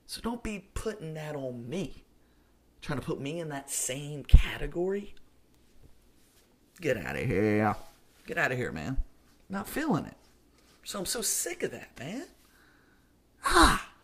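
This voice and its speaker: High-energy man ranting on a podcast. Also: wildly swooping pitch, measured pace, long pauses, slightly rough. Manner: high-energy, emphatic, swings between loud bursts and low asides. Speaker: podcast host. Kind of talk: solo podcast rant.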